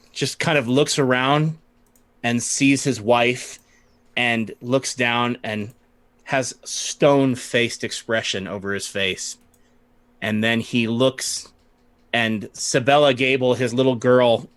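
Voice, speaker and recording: A man narrating a tabletop game as game master, unhurried, with frequent pauses and fillers. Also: mid-range voice, fairly bright tone, no echo. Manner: unhurried, pausing often with fillers.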